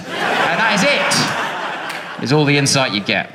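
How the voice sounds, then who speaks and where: A man's voice: on the high side, sing-song, moderate pace. A man in his thirties doing stand-up, exasperated and swearing. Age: 30s. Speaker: stand-up comedian. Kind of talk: stand-up comedy. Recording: echoey club with noise.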